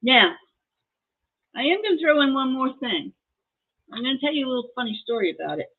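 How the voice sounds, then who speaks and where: Host type: middle-aged woman, chatty seller and storyteller, slightly high voice, tinny phone-like sound. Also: expressive, brisk. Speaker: host selling collectibles. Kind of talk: casual sales chat and storytelling.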